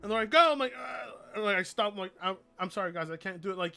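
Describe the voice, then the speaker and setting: A man's voice: high voice, brisk, bright, forceful tone, smooth. A man streaming live, chatting loosely, swearing freely and reading out donations. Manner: rambling, swears freely, reads donations aloud. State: mellowed out. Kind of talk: casual livestream chat.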